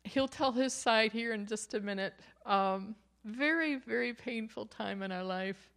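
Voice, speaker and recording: A woman's voice: on the high side, unhurried, vocal fry, a bit bright. Middle-aged woman telling her faith story, earnest, laughs a little as she goes. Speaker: speaker sharing a personal testimony. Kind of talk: personal faith testimony.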